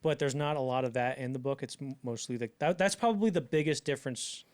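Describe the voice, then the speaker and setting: A young man co-hosting a podcast in casual chat, talking animatedly and jumping into loud acted-out quotes. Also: mid-range voice, fast talker. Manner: animated, acts out quotes in bursts, many fillers. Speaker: podcast co-host.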